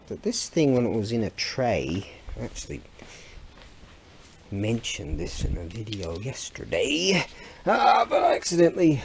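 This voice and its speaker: Rambling man, mellow voice. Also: medium pitch, slight background noise. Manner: rambling, chatty, laughs often, loses his train of thought. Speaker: vlogger and antiques seller. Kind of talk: casual rambling vlog chat.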